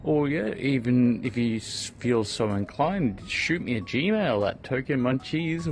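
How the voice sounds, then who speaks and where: A man's voice: mid-range voice, expressive, a little slow, soft background music. A man in his thirties hosting a casual podcast. He rambles through jokes and playful sarcasm while strolling his home garden, keeping his voice down. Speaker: podcast host.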